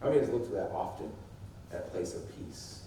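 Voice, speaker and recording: A man's voice: lowish voice, animated, fairly quick, mellow, slight background noise. A man preaching a sermon as pastor, talking conversationally and acting out the quotes he discusses. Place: church sanctuary. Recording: echoey room heard from a distance.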